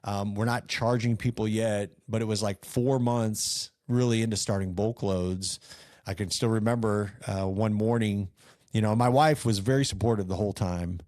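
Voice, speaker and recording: A middle-aged man from rural northeast Missouri speaks in a fairly low voice, telling his founding story in earnest, rambling fashion with many fillers and restarts. The sound is dry and close, with little room to it. He talks casually, as a guest on a podcast. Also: steady tone, moderate pace, darkish tone, dry recording.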